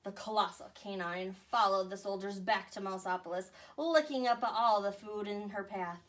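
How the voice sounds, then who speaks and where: A woman teacher reading a picture book aloud to young children with expressive storytelling. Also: mid-range voice, moderate pace. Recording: voice a bit far from the mic.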